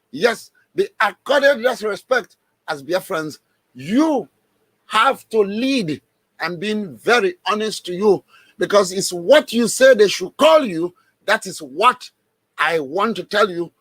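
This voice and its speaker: A man speaking on a radio broadcast, giving an impassioned, emphatic address that repeats phrases and bursts into raised, shouted stretches. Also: high-pitched, no room sound. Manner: emphatic, repetitive and exhorting, with sudden raised outbursts.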